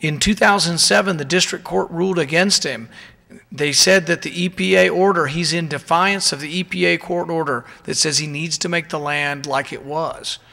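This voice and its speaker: A man's voice: fairly high pitch, moderate pace, creaky, sharp tone. A man, a politician, giving a political speech at a conference, full of indignant rhetorical questions to the audience. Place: conference hall. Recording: long reverb of a large hall.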